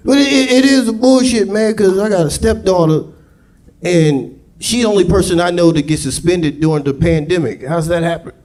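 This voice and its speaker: A male stand-up comedian doing a raunchy set on a club stage, profane and shouting his punchlines into a handheld mic. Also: high-pitched, moderate pace. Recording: live club with loud audience laughter.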